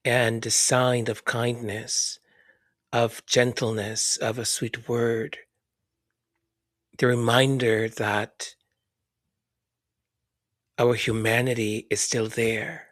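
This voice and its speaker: A man hosting a podcast who reads listener comments aloud, speaking softly and haltingly, often whispering his thanks and sounding moved. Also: medium pitch, little pitch movement, no echo, studio quality. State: moved, emotional. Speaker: podcast host. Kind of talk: casual chat reading listener comments.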